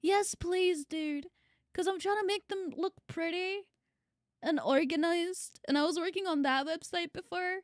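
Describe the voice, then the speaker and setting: A woman's voice: very high voice, a little slow, dry recording, studio quality. A young woman streaming live, chatting casually with her viewers, effusive and grateful, swearing freely. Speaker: VTuber streamer.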